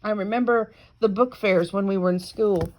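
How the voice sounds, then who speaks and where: A woman reading a children's picture book aloud, slow and careful, with chatty asides between pages. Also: medium pitch, darkish tone. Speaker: reader.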